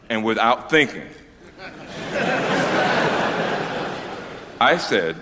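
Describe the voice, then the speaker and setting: A man's voice: medium pitch, very slow, long pauses, in a large hall, a little hiss or hum. A middle-aged man from Georgia with a Southern US accent, telling a loose, profane stand-up story on stage. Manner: loose, profane, animated, acts out voices. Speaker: stand-up comedian.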